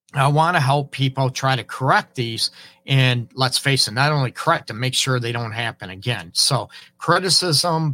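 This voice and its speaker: A middle-aged man, a relationship counselor, hosting an advice talk while hoarse from a cold, earnestly checking in with his listeners. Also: mid-range voice, pushed and bright. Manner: earnest, keeps asking "right?" and "okay?". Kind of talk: live-streamed advice talk.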